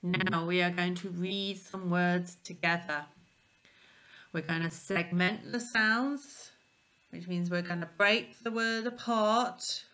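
Slow, bright-voiced teacher. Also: female voice, lowish voice. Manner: slow, clear, sounding out letters. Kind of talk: phonics lesson for young children.

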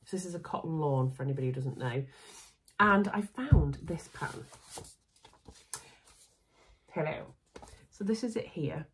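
A woman's voice: sits low, unhurried, long pauses, slightly rough. A woman with a Yorkshire accent chatting casually to camera as a sewing vlogger, self-mocking and often trailing off. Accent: Yorkshire English. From Yorkshire, England.

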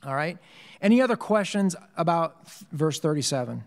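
With a gravelly, expressive voice on the high side, a man teaches a laid-back church Bible study at normal speed, bantering with the group and asking them questions. The church hall adds a long reverb tail.

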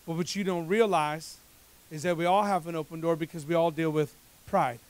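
A man preaching as a pastor, moving from hushed, confiding passages to loud, climbing exhortations. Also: a little high, fairly even intonation, a little fast. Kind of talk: sermon.

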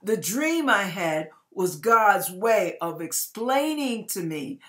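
An older woman preacher giving a dramatic testimony, swinging from loud outbursts to hushed lines in an emphatic, folksy way. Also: mid-range voice, very animated, slow pace. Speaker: ministry preacher.

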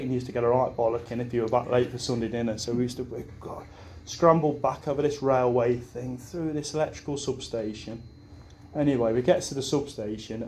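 A young man telling rambling childhood stories in a best man speech, often breaking into laughter and swearing casually. His voice sits at an everyday middle pitch. A faint hum of the reception room is heard behind him. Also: mellow. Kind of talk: wedding speech storytelling.

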